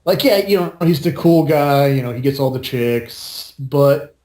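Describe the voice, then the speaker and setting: A man's voice: medium pitch, expressive, measured pace, a little mellow. A man co-hosting a podcast in casual chat, rambling and swearing freely. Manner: rambling, swears and laughs often. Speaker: podcast co-host. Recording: roomy echo.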